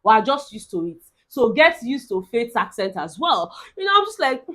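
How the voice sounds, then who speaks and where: Sassy Nigerian woman vlogger, higher voice. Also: brisk. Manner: sassy, animated, mock-quoting others. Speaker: reality TV recap vlogger. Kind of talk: casual commentary mixing Pidgin.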